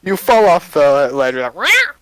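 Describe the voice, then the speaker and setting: A man with a mid-pitched voice narrates a tabletop game casually, rambling and filling pauses with ums and uhs. He sounds close to the mic in a dry, dead space. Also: a bit bright, no echo, rough recording. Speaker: game master.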